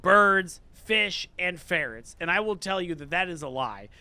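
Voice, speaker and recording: A man's voice: sits high, expressive, a little slow, pushed and bright, smooth, no room sound, voice pushed down, heavily acted. A man voicing a stressed young male pet store clerk who is exasperated and fed up. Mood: indignant. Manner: exasperated, pleading.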